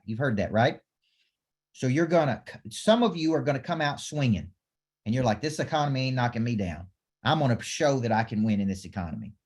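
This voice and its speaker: A man's voice: mid-range voice, darkish tone. Emphatic man coaching with drive. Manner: emphatic, repetitive, asks audience for affirmation. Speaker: business coach. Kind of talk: motivational training talk.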